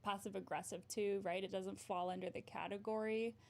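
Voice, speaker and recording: A bubbly woman therapist chats on a livestream, giggling often as she reads comments aloud. Her voice sits in a middle pitch with lots of gravelly vocal fry running through it. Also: fairly even intonation, brisk. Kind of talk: casual livestream chat, reading comments.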